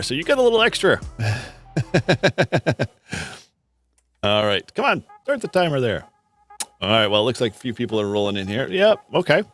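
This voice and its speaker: A man's voice: on the low side, a bit bright. A man from Massachusetts with a Boston-area accent, hosting a casual live quiz chat and laughing often. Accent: Boston-area American. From Massachusetts, USA. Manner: laughs often, chatty with restarts. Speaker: host.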